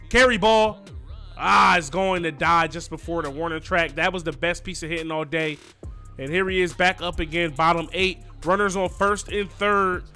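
A man with a high, bright, forceful voice narrates his video game like a sportscaster, hyping up his players as plays unfold. Soft music runs under his talk. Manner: excitable, cheers on his players, says "you know what I mean". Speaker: gaming YouTuber. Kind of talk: live play-by-play gameplay commentary.

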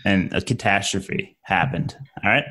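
A man's voice: sits low, measured pace, sharp tone. A young man co-hosting a podcast in casual chat, joking around, swearing and laughing often. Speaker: podcast co-host.

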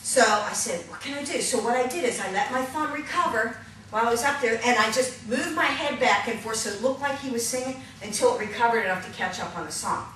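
A woman leading a hands-on puppetry workshop, energetic and upbeat, laughing often and counting the group along. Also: fairly high pitch, fairly quick. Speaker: puppetry instructor. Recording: echoey room from a distance, noisy.

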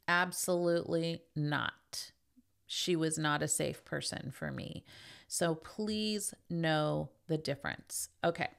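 Low-voiced middle-aged woman hosting frankly. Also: vocal fry, fairly bright tone, clean tone. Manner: emphatic, candid, acts out quoted voices. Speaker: podcast host. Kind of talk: casual monologue.

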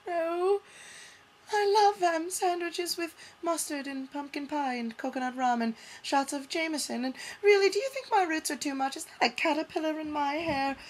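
A woman's voice: sits high, normal speed, slight background noise, lightly acted. A woman playing a vain, vampish soap opera character, mock-seductive and over-dramatic in a comic parody.

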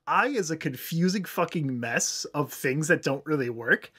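Male podcast co-host, bright tone, slightly high, quick jokey asides. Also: expressive, breathy edge. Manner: laughs often, quips short jokes. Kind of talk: casual chat.

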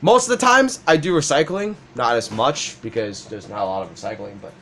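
A young man hosting a gaming video, chatting casually and swearing, with ranting, mock-shouted retellings. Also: medium pitch, a little fast, a little hiss or hum. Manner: animated, swearing, rants with mock-shouted quotes. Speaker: gaming channel host. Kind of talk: casual chat while playing.

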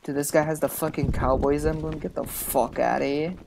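A woman giving loud, profane, excitable commentary while playing a shooter game with a friend. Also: low-pitched, fairly quick, creaky. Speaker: gamer streaming with a friend. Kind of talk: casual gameplay commentary. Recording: game gunfire noise under the voice.

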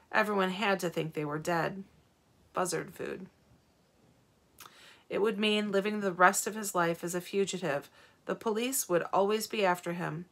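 A woman, a teacher, reading a novel aloud to her students in a calm, steady storytelling manner. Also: mid-range voice. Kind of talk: read-aloud storybook narration.

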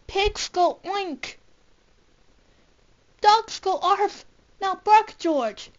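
Firm scolding dog mother, a woman reading, storybook, high voice, dull lo-fi sound. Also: drawn-out words, heavily acted. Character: stern mother scolding her puppy.

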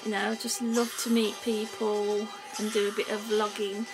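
A vlogger from England with a Brummie accent talks to camera in a medium-pitched, flat voice at a moderate pace. Her chat is rambling and giggly, and she keeps losing her thread. The recording is rough, with clear music in the background.

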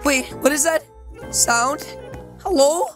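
A woman giving loud, excitable, comedic role-play commentary over gameplay, often shouting and laughing. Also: high-pitched, slow, soft background music. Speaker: gaming YouTuber.

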